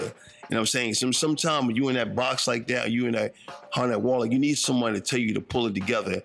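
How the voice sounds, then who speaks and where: A man's voice: mid-range voice, quick pace, creaky, fairly bright tone, soft background music. A man in his fifties from northern New Jersey, telling his own life story in a reflective, conversational way with street slang, often asking if the listener follows him. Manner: conversational, street slang, keeps asking "you know what I'm saying". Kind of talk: reflective first-person storytelling.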